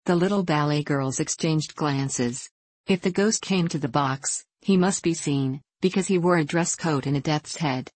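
A woman narrating a classic novel aloud in a steady, measured way. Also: low-pitched, breathy edge, no room sound. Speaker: audiobook narrator. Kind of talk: scripted narration. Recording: dry close recording.

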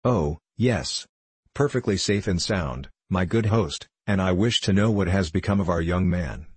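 A man's voice: low-pitched, a little slow, darkish tone, husky, no echo. A man reading the part of a haughty, coldly menacing nobleman in an audiobook. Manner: cool, imperious, coldly menacing.

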